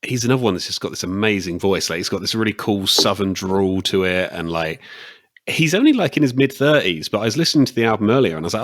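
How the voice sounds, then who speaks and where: Man, low voice, podcast host, casual, says "like" a lot. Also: very animated, fast, fairly bright tone. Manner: filler-heavy, says "like" a lot. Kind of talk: casual interview chat.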